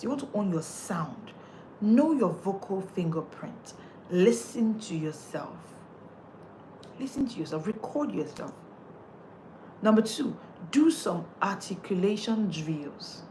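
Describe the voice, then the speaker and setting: A woman's voice: fairly high pitch, a little mellow, slight background noise. A woman, coaching listeners on how they speak, emphatic and repetitive as she drives each point home. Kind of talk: motivational coaching talk.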